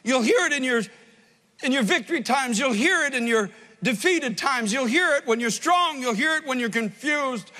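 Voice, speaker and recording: A pastor preaching an impassioned sermon that swells from hushed to loud. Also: male voice, very high voice, lively intonation, moderate pace, long reverb tail.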